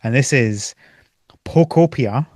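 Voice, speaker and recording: A man co-hosting a casual gaming podcast, excitable, acting out his own reactions. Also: medium pitch, slow, no echo, studio quality. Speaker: podcast co-host.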